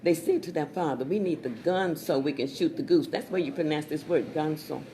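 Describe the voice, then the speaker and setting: A woman chatting casually as she pitches her Spanish dictionary, repeating words and laughing at her own jokes. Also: fairly quick. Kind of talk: casual sales chat with jokes. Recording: crowd noise behind.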